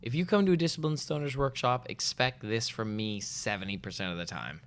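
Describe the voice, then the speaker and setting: A man's voice: mid-range voice, fairly quick, a bit bright, clean tone. A man co-hosting a podcast in a casual, playful and joking way. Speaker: podcast co-host.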